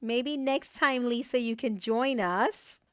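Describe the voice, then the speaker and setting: A high-pitched woman calls bingo on a livestream in an unhurried, drawn-out way. She is playful and casual, repeating each number slowly. Her voice is close and dry, with no room sound. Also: a bit bright, dry recording. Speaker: host calling bingo on a livestream.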